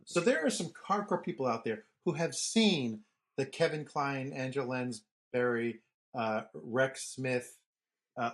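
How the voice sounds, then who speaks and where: A man's voice: mid-range voice, fairly bright tone. A middle-aged man co-hosting a podcast, telling long, rambling stories in casual chat with the odd swear word. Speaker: podcast co-host.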